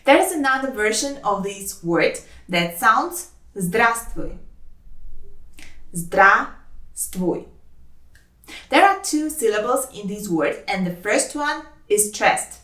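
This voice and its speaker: A woman whose first language is Russian gives a language lesson in English, speaking slowly and carefully and saying each example phrase twice. Her voice sits a little high. The recording is roomy, with her voice a little distant from the microphone. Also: very animated, a bit bright. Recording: roomy, voice a bit off-mic.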